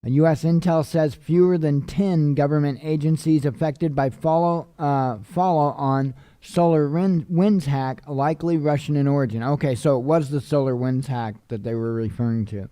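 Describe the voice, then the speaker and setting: A man's voice: a little high, normal speed, hardly any pauses, warm tone, no echo. A tired man reading news headlines aloud and adding offhand casual comments. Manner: tired, yawning, offhand asides.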